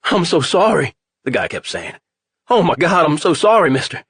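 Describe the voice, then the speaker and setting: Husky-voiced man narrating horror. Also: medium pitch, fairly bright tone, dry recording. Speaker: audiobook narrator.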